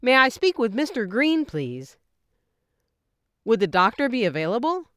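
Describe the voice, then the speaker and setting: Clear, lively woman reading phone phrases. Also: a little high, dry recording, clean studio sound. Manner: clear, measured delivery with lively lifts on each example. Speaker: English teacher.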